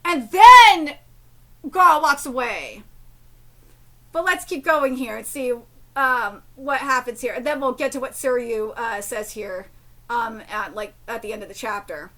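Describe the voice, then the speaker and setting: A woman's voice: on the high side, measured pace, pushed and bright. A woman in her thirties giving live reaction commentary, ranting profanely with lots of fillers and restarts, angry. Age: 30s. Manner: rambling with many fillers and restarts. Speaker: streamer reacting to a manga chapter.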